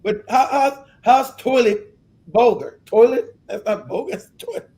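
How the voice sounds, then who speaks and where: A man's voice: extremely high pitch, a little slow, dark tone. A man co-hosting a casual talk show, joking and riffing loosely with his co-host. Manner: joking, riffing, acting out silly voices. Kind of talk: casual podcast banter.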